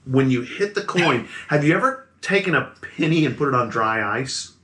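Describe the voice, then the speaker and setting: A man's voice: mid-range voice, animated, normal speed, sharp tone. A man narrating as game master of a tabletop game, describing the action vividly and adding sound effects. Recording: echoey room.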